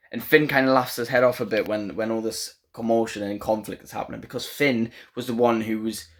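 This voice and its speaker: A man giving a casual, opinionated spoken review of a wrestling show. He rants freely and talks with frequent fillers. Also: fairly low pitch.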